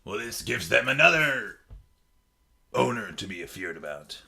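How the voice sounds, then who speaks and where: Man playing a pirate captain, gravelly bright voice, lively pitch, keeps saying aye. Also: normal speed, exaggerated voice. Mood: chatty. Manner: peppers talk with pirate "aye" and "yar". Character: male pirate captain, jovial and bloodthirsty. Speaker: podcast co-host. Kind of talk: costumed casual chat.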